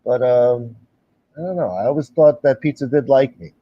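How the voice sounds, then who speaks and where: A man's voice: medium pitch, moderate pace, husky, dry recording, highs cut off. A male livestream host in a casual, profane rant, blunt and sarcastic, swearing often.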